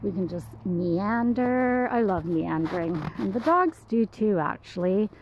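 Slow-talking lady rambling on a dog walk outdoors, kinda lo-fi sound. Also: slight background noise. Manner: rambling, chatty, calls dogs in high excited voice. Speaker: dog sitter. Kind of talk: casual walking vlog. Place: outdoor trails in snow.

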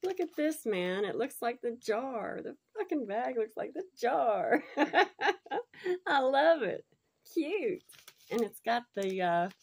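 Bubbly woman gushing over a gift box, gravelly. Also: medium pitch, darkish tone. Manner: bubbly and gushing, laughs often. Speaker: unboxing vlogger. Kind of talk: casual unboxing chat.

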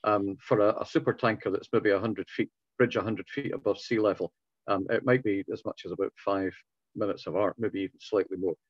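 A man whose voice is going hoarse talks a society through a technical subject, stopping and restarting his phrases as he goes. The call audio is dull and muffled, with a dry sound and no room echo. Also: fairly low pitch, fairly even intonation. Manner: halting, patient explaining with many restarts. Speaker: club speaker. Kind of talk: informal talk answering questions.

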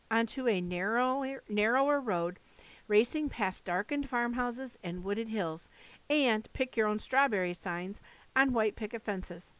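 A woman narrating a first-person audiobook with steady storytelling. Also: fairly high pitch, dry recording.

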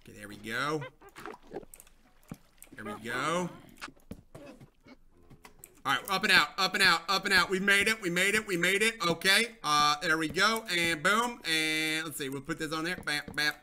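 A young man giving excitable let's-play commentary, talking to viewers, repeating himself and yelling when things go wrong. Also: on the high side, moderate pace, long pauses, slight background noise. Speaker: gaming channel host.

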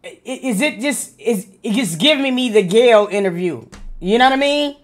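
A woman on a reaction channel talks to her chat in a blunt, profane, conversational way. Her voice sits a little high. She speaks straight to the viewers. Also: lively intonation, moderate pace. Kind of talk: casual reaction commentary to a video.

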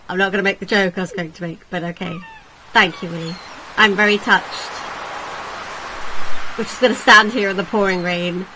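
A woman's voice: medium pitch, steady tone, normal speed, pauses often, noisy background. A woman giving casual let's-play commentary, comically dramatic and given to whiny pleading. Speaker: video game player.

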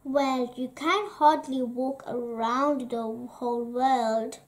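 A generous young princess from a storybook, gentle and reassuring, as a woman reading aloud puts her on. She speaks high and very slowly. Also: fairly even intonation.

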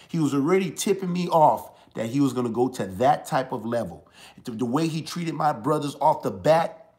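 A man in his forties with a fairly high voice delivers a fiery live-stream monologue from indoors. He preaches and repeats himself, sinking to near-murmurs before surging back with force. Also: expressive, a little fast. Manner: preachy, swings from hushed to forceful, repeats lines. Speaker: live show host.

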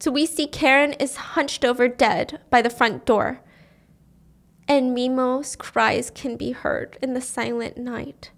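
High-voiced woman recapping a story. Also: slow, creaky. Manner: animated retelling with voiced quotes. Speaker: podcast host.

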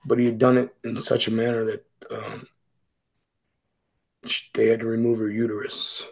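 A middle-aged man tells his story bluntly, swearing freely. His voice is gravelly, with a husky rasp. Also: medium pitch, level tone, moderate pace, a bit bright, poor audio. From Boston. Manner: blunt and heavily profane. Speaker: podcast guest. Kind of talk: candid storytelling interview.

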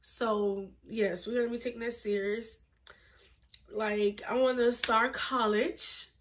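A woman's voice: a little high, steady tone, slow, slight background noise. Chatty twenty-year-old woman vlogger. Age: 20s. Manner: chatty, emphatic, uses lots of fillers and laughs. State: out of breath, pregnant. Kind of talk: casual chat to camera.

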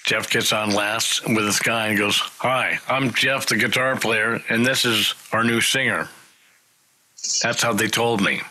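A man telling road stories in a casual interview, animated and acting out the people he quotes. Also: fairly low pitch, a little slow, low-quality recording.

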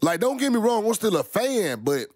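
A man's voice: high-pitched, big pitch swings, normal speed, a little mellow, dry recording, clean studio sound. A middle-aged man, rambling casually to his viewers, full of slang and swearing. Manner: profane, rambling, heavy slang. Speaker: vlogger.

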